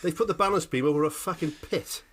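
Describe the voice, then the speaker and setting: Sweary man telling animated stories. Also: fairly high pitch, fast, a little hiss or hum. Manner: animated storytelling, sweary, keeps asking "right?". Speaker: podcast co-host. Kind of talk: casual chat.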